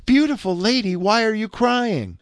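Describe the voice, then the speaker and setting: A man's voice: sits high, expressive, normal speed, dry recording, clean studio sound, pitched above the performer's own voice. A man voicing a small, kind brown jay bird in a storybook, speaking in an eager, friendly way.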